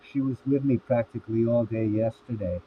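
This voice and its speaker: A man reading the lines of a worried, frank teenage girl in a plain, even voice. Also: medium pitch, a little fast, close to an everyday voice. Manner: reads each line in a plain, even voice. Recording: tinny phone-like audio with faint hiss.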